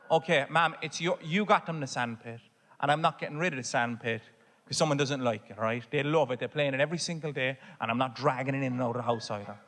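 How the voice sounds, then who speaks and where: A man with an Irish accent performing stand-up comedy on a theatre stage, telling a story full of swearing that builds to shouting. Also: medium pitch, fast. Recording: live hall reverb, faint audience noise.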